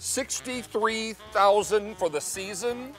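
A man's voice: high voice, slow pace, fairly bright tone, faint music behind. A man hosting a live TV shopping show, talking in a chatty, upbeat sales patter. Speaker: TV shopping host. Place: TV studio kitchen set.

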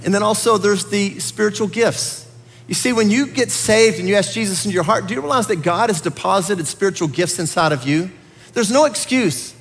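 A man's voice: high-pitched, a little fast, creaky, fairly bright tone. A man preaching a sermon as pastor, earnest and rising to emphatic peaks. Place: church sanctuary. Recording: long reverb of a church hall.

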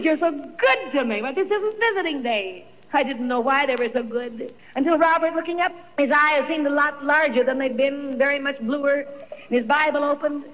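Woman's dramatic testimony on an old recording. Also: high-pitched. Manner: dramatic, quoting others in her own voice. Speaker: evangelist telling her life story. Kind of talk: emotional personal testimony. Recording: dull old archival recording in a reverberant hall.

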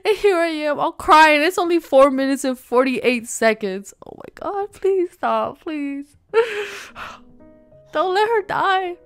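Woman, very high voice, excitable, gasping, slangy, reaction commentary, faint music behind. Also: slow pace, no echo. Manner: excitable, gasping, repeating herself, near tears; slangy, says "bro" and "y'all". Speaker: reaction video host.

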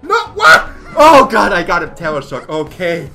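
A woman giving casual gameplay commentary as a gaming YouTuber, excitable and often exasperated, laughing as she plays. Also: lowish voice, moderate pace, soft background music.

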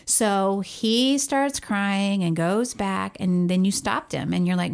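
An expressive woman telling a story in casual podcast chat, with a lively, laughing delivery. She acts out the quotes in her story. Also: medium pitch, slow, vocal fry, few pauses, clean tone. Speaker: podcast co-host, parent.

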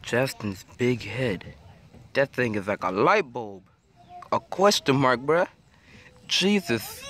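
A man's voice: mid-range voice, expressive, takes it slowly, pauses often, a bit bright. A man vlogging casually from a car, talking into a handheld phone with playful, teasing banter. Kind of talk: casual vlog chat.

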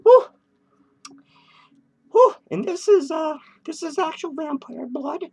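A man playing an unhinged, foul-mouthed clown who rants in a high, shrill voice with cackling laughs, tipsy and hyper, in a comedic character vlog. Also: lively intonation, slow, gravelly, a little mellow, exaggerated voice. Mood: manic ranting. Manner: crude swearing rants, giddy and drifting. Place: home studio.

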